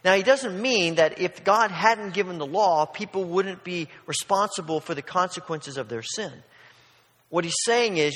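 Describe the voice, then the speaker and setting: A man with a high voice preaches in an earnest, emphatic way, often doubling back to repeat words mid-sentence. His voice carries a long, lingering reverb, as in a large church sanctuary. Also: normal speed, fairly bright tone. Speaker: pastor. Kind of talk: sermon.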